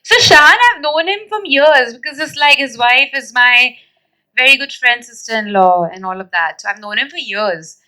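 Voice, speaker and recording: A woman's voice: a little high, normal speed, low-quality recording. A woman, chatting casually in a press interview and telling stories with lots of fillers. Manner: chatty, animated storytelling with fillers and laughs. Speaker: actress at a film press event.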